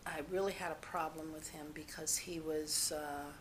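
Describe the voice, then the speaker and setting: A woman with a deep, steady voice at normal speed tells personal stories in an interview, rambling candidly and often restarting her sentences. Slight background noise is present.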